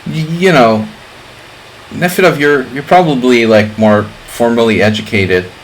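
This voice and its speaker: A man's voice: medium pitch, unhurried, a little hiss or hum, poor audio. A middle-aged man streaming chess, chatting casually in a rambling way with lots of fillers. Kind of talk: casual live-stream chat.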